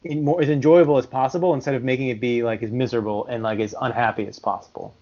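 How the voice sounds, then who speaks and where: A man's voice: medium pitch, fairly even intonation, fast, mellow. A man co-hosting a podcast in casual chat, easygoing and full of filler words. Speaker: podcast co-host. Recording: dull lo-fi sound.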